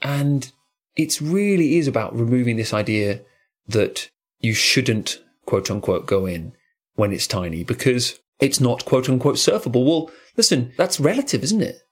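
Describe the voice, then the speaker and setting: A man's voice: mid-range voice, expressive, moderate pace, husky. A man hosting a podcast in casual chat, rambling and musing with frequent asides. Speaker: podcast host.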